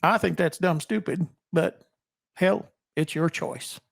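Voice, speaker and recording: A man's voice: high voice, slow, creaky, dry recording, clean studio sound, exaggerated voice. An older man playing a sarcastic drill sergeant with an exaggerated Southern US accent, raising his voice above his own. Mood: mocking. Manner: taunting, sarcastic.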